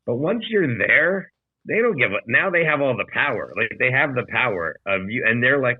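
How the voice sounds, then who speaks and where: A man's voice: mid-range voice, big pitch swings, normal speed, husky, no room sound. A man, a comedian co-hosting a podcast, telling a rambling, profane anecdote in casual chat over a video call. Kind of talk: casual storytelling. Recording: dry tinny video call audio.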